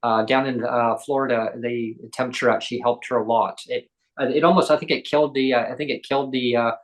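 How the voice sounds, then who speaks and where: A man hosting a podcast, telling his own stories in an earnest, animated way. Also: mid-range voice, fast talker, poor audio. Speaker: podcast host. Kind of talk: casual podcast chat.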